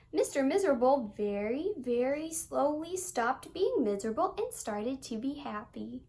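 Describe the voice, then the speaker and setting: A woman reads a children's story aloud, her voice high and full of swooping, singsong expression. She leans into repetitions and delights in every word.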